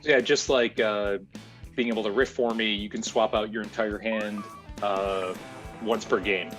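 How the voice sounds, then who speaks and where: A man's voice: on the low side, fairly even intonation, measured pace, a bit bright, faint music behind. A man developer explaining plans for his game in casual chat, with hesitant fillers.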